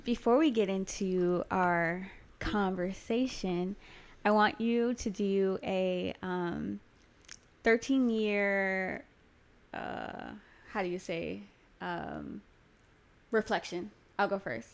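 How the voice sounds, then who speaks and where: A woman in her thirties co-hosting a podcast, talking in a warm, heartfelt, chatty way. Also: mid-range voice, animated, slow pace, gravelly. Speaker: podcast co-host. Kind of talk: casual chat.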